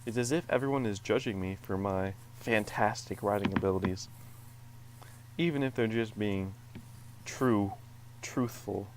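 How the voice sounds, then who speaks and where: A man's voice: on the low side, a little slow, long pauses, darkish tone, slight background noise. Man reading game text mock-dramatically. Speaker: let's play co-host. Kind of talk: reading game narration aloud.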